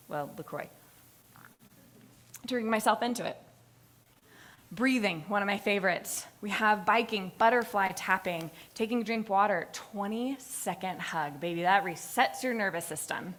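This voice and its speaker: A young adult woman giving a live capstone presentation, telling a story with lively, acted-out voices. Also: medium pitch. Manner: expressive storytelling, acts out voices in anecdotes. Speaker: graduate student presenter. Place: presentation hall.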